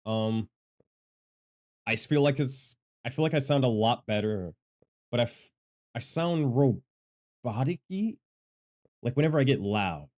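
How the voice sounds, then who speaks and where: A man streaming from home, loud and self-deprecating, rambling through casual mic tests on a studio microphone. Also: medium pitch, moderate pace, pauses often. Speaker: gaming content creator and streamer. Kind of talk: casual livestream mic testing. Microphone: studio microphone with equalizer.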